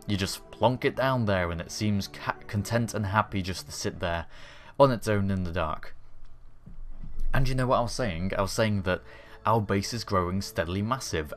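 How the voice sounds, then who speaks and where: A man with a low voice talks through a space-flight game as a channel host. He rambles casually, corrects himself often and drops dry, self-mocking asides. Soft background music sits under his voice. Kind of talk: casual gameplay commentary.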